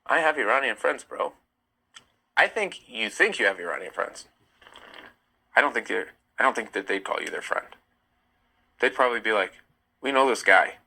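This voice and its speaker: A man's voice: lowish voice, moderate pace, creaky, long pauses, husky, low-quality recording. A young man hosting a casual live stream, animatedly reading and answering viewer comments. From United States. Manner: animated, argumentative, reads comments aloud. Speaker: livestream host.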